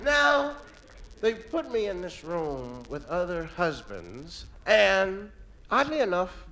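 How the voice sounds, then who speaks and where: A middle-aged man doing stand-up comedy, telling a story in an animated way and acting out voices with loud yells. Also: high voice, a little hiss or hum.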